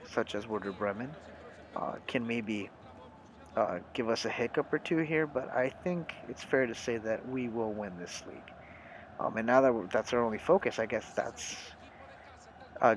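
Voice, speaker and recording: A man's voice: mid-range voice, slight background noise. Chatty young man commentating a video game. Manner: chatty and upbeat, talks straight to viewers. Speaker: gaming channel host. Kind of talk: casual let's-play commentary.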